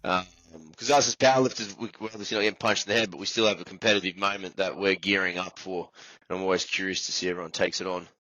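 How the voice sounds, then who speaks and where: Deep-voiced eager podcast host. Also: male voice, fairly even intonation, fast, sharp tone, no echo. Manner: curious, eager questioner with short backchannels. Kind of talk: casual podcast interview. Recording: dry, slightly dull mic sound.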